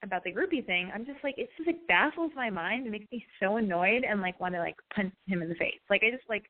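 A woman's voice: medium pitch, animated, quick pace. A woman hosting her own show, telling a rambling, profane, self-mocking story in casual chat. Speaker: podcast host. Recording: tinny phone-like line.

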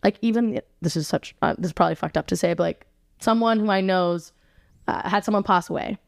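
A woman's voice: fairly low pitch, a little fast, gravelly, dry recording, clean studio sound. A young woman chatting casually as a podcast guest, full of "like" fillers and restarts, swearing freely.

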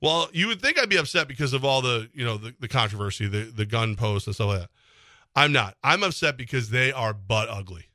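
Bright-voiced ranting sports radio man. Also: medium pitch, fairly quick, no room sound, clean studio sound. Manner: animated, exasperated ranting with laughs. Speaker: co-host of a sports radio show. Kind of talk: casual sports talk.

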